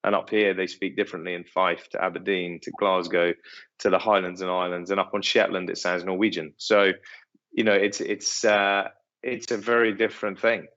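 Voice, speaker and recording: A middle-aged man answers interview questions, pausing often and restarting his sentences. His voice is very low and keeps to a flat, even line. The sound is dull and muffled. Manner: hesitant, full of ums and restarts. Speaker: estate owner, interview guest.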